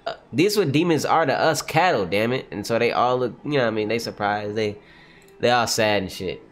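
A man reading a manga aloud on a livestream and reacting, animated, often exclaiming and laughing. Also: medium pitch, fairly quick.

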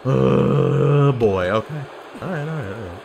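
A man giving casual, animated commentary while playing an online wrestling game, yelling at his opponent and cracking jokes. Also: mid-range voice, measured pace, creaky, slight background noise. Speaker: gaming YouTuber.

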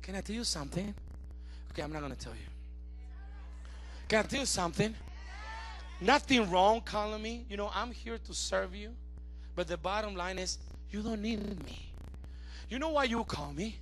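A middle-aged man preaching a sermon as pastor, animated and acting out the voices of his family and callers. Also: high voice, normal speed, long pauses, slight background noise.

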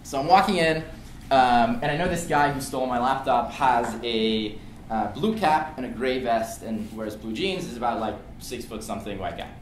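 A young man telling a lively story to an audience in a lecture room, sometimes shouting out the lines he acts out. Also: medium pitch, normal speed, a little hiss or hum. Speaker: student speaker. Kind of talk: storytelling talk. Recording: echoey room, distant mic.

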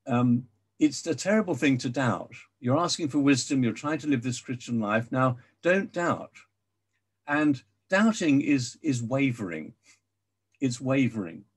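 Older man, husky voice, earnest church sermon, mid pitch. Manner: earnest, repetitive, gentle pleading. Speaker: preacher.

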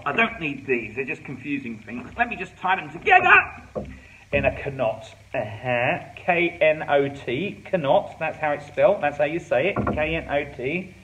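High-voiced man doing kids' magic. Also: bright, forceful tone. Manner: playful, bumbling, talks straight to young viewers. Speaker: children's entertainer. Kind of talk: comic magic show for children. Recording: slightly distant with faint background noise.

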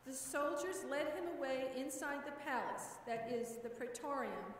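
Lady lector reading scripture, high voice, distant mic in a big echoey church. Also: a little hiss or hum. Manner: measured, steady proclaiming. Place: large church.

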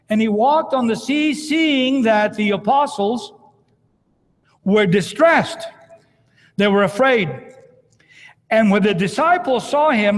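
Slow high-voiced priest in a cathedral. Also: male voice. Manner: dramatic, retells scripture with acted quotes. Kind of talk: sermon. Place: large cathedral. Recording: long cathedral reverb.

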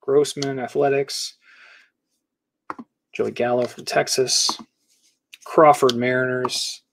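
Man, middle-aged, casual card-break host, reads off names while opening packs, mid-pitched voice. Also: level tone, slow pace, fairly bright tone, slight background noise. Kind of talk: casual live box break commentary.

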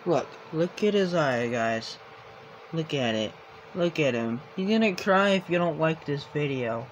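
A man's voice: on the high side, lively intonation, unhurried, highs cut off, a little hiss or hum. A young man vlogging at home, filming his pet on a phone and pleading with viewers in a teasing, then soothing way. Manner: pleading and teasing, drops to soft soothing tones. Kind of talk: casual vlog talk to viewers.

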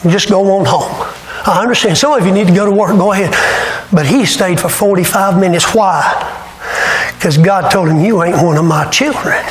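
A man's voice: high-pitched, normal speed. A man preaching a revival sermon, telling stories with fervor. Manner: fervent storytelling preacher, rising to shouts. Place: church sanctuary. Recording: echoey church room, faint ambience.

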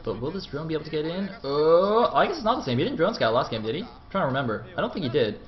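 A man's voice: a little high, sing-song, very fast, muffled recording. A man casting a game match in a casual, rambling way, often mocking himself and swearing. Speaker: amateur esports caster.

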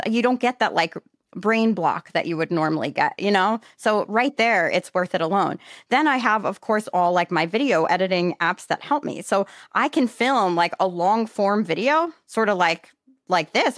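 A woman with a New York accent, co-hosting a podcast in casual, animated chat, self-described as audacious and bold. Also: medium pitch, no room sound, clean studio sound. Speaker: podcast co-host.

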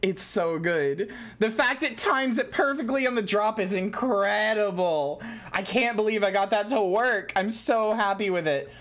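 Excitable, giggly woman streamer. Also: medium pitch, moderate pace, hardly any pauses. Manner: excitable, giggly, swears a lot, bursts into shouts. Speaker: VTuber streamer. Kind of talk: casual live-stream chat with viewers.

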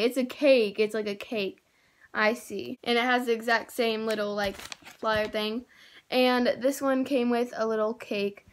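A teenage girl casually unboxing squishy toys, gushing and excitable, rambling with many fillers. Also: a little high. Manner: gushing and excitable, with gasps and squeals; rambling, with many likes and self-corrections. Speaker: squishy toy haul vlogger.

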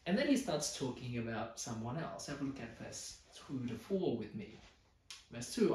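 Pastor guy preaching, kinda high voice, echoey room, mic a bit far off. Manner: explanatory, lively emphasis with mock boastful asides. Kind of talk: sermon.

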